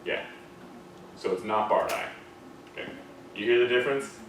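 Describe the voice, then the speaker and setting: An American man leads a diction class, modeling words aloud and giving quick corrective feedback with a lively, swinging pitch. He is picked up from a distance in an echoey classroom, with steady background noise behind him. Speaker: diction teacher.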